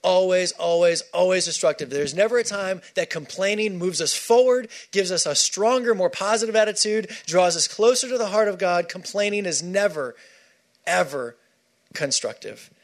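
Emphatic male preacher, slightly high voice. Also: lively intonation, normal speed. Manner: emphatic, repeats key phrases for stress. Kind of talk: sermon.

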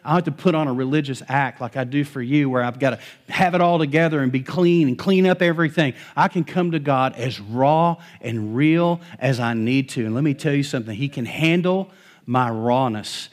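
A middle-aged male pastor preaching a sermon in a conversational, animated way, with touches of humor. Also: mid-range voice.

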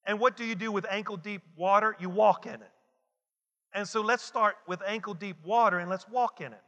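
A high-pitched man preaching with a bright, forceful edge, stacking repeated lines and urging the congregation to answer him. His voice rings out with a long reverb tail, as in a large sanctuary. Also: fairly even intonation, fairly quick, lo-fi sound. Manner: call-and-response preaching, repetitive and emphatic. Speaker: pastor. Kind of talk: sermon. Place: church sanctuary.

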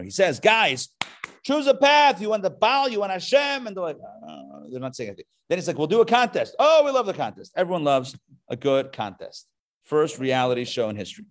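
A man teaching a text study class, reading verses aloud and breaking in with wry, joking comments. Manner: animated, jumps in pitch for emphasis. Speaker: Torah teacher.

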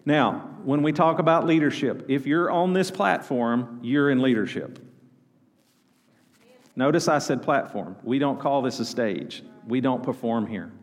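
A man's voice: mid-range voice, a little slow. A male pastor, preaching a sermon and calling on the congregation to answer back. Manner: preaching, calls out to congregation for responses. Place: church sanctuary. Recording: long hall reverb.

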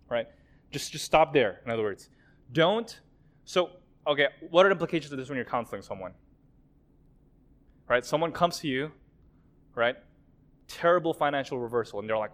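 A man preaching a sermon in a conversational way, often acting out quoted prayers and remarks. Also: medium pitch.

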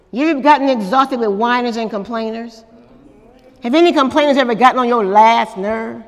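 A woman's voice: fairly high pitch, in a large hall. A woman pastor preaching a sermon at a church service, with dramatic call-and-response to the congregation.

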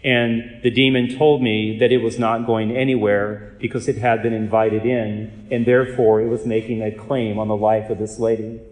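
A man, a Catholic priest and exorcist, giving an earnest, measured storytelling talk with touches of dry humor. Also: on the low side, little pitch movement, darkish tone. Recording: echoey hall reverb.

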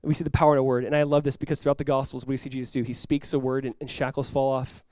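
A male pastor preaching a sermon with lots of energy, acting out quoted voices with big jumps in pitch and volume. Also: level tone, very fast, warm tone, no room sound.

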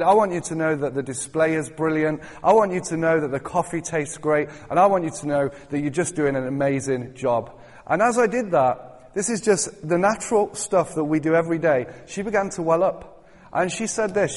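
Man, guest preacher, sermon, chatty with jokes, fairly high voice, long reverb of a church hall. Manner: chatty, joking, rising to fervent calls.

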